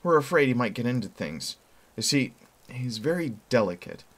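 A man voices a friendly, easygoing young man with an upbeat manner, explaining something. He speaks at normal speed in a mid-range voice pitched above his own, with big swings in pitch.

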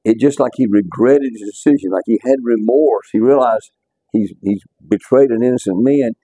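A man's voice: mid-range voice, normal speed, dark tone, no room sound. A man teaching a casual Bible class, talking conversationally and repeating words as he restarts his sentences.

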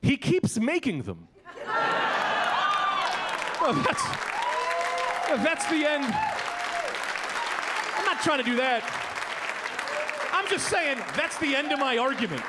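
Lively high-voiced man doing rowdy stand-up. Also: slow, pauses often, heavy background noise. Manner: rowdy, loose, acts out quotes. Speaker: stand-up comedian. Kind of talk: stand-up comedy set. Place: comedy club stage. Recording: comedy club with loud crowd laughter.

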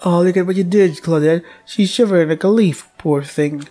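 A man's voice: sits high, normal speed, warm tone, soft background music, close to an everyday voice. A man putting on sneering noble ladies. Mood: cruel taunting. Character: cruel, mocking noble ladies at a party. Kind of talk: voicing a visual novel character.

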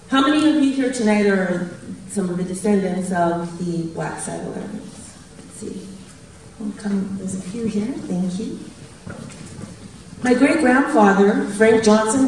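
Speaking at a medium pitch with a darkish tone, a woman from Canada in her fifties shares chatty stories as a guest speaker in a large event hall and laughs at her own jokes. A distant mic captures heavy echo plus a little hiss or hum.

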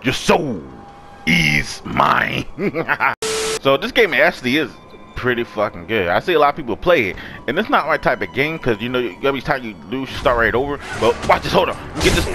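A young man casually commenting on his gameplay, loud and excitable, cursing and trash-talking the enemies. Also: mid-range voice, brisk, noisy background. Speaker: gaming channel host.

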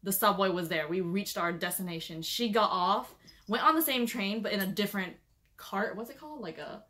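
Young female vlogger, everyday conversational delivery, rambly with fillers, mid-range pitch. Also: a little fast, bright, forceful tone. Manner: chatty, rambling with many "like" and "um" fillers, giving cautionary advice. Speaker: travel vlogger. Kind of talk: casual chat.

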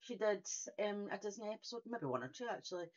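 A woman's voice: mid-range voice, expressive, quick pace, darkish tone. A woman co-hosting a podcast, chatting animatedly and stumbling over her words now and then. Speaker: podcast co-host. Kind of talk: casual chat. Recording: dull lo-fi podcast audio.

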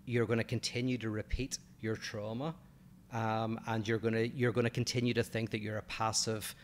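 A man with an Irish accent co-hosting a podcast, explaining philosophical ideas in a measured, patient way. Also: fairly low pitch, level tone, slight background noise. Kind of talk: casual explanatory chat.

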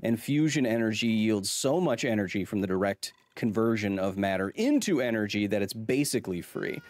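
A man's voice: lowish voice, big pitch swings, a little fast. A man in his thirties hosting a casual live gaming stream, joking around and reading chat aloud. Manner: playful, jokey, reads chat aloud. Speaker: streamer, science communicator.

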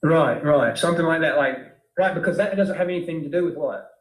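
A man's voice: a little high, fairly quick. A man with a Southern US accent lecturing a philosophy class in a conversational way, often checking in with "right?". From Georgia, US. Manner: conversational, keeps asking "right?". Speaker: philosophy teacher. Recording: echoey classroom.

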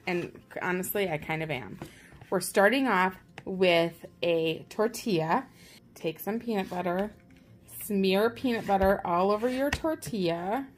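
A woman hosting her own vlog, chatting casually and upbeat with a self-teasing streak as she walks through a how-to in her home kitchen. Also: mid-range voice. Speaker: parent and vlog host.

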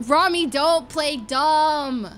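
A woman's voice: sits high, very slow, fairly bright tone, faint music behind. A woman streamer talking in character during a roleplay game, playful and teasing, laughing often.

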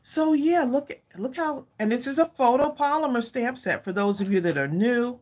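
Her voice is a little high with a darkish tone, expressive and moderately paced. She's a woman hosting a craft channel from her home craft room, chatting casually on a live stream, addressing viewers as y'all and sounding a bit breathless.

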